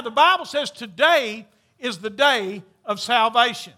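High bright-voiced preacher. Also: male voice, lively intonation, measured pace. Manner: impassioned preaching, shifts from loud calls to hushed storytelling. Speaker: pastor. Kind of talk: sermon.

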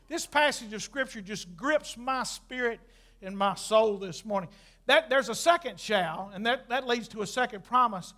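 A male preacher with a very high, sharp voice delivers a lively sermon. He jokes with the congregation in quiet asides, then builds to emphatic, shouted declarations. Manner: emphatic, swings between soft asides and shouted bursts.

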